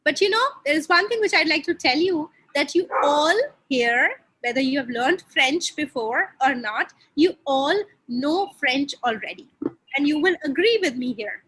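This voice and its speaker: A woman's voice: high-pitched, lively intonation, moderate pace, fairly bright tone, low-quality recording. A woman from India teaching a lecture on learning French, explaining step by step and putting questions to her listeners.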